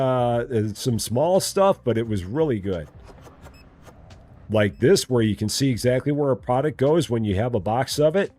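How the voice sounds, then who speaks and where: A man's voice: mid-range voice, warm tone. A man streaming a game live, chatting and joking with his viewers. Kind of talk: casual live gameplay commentary.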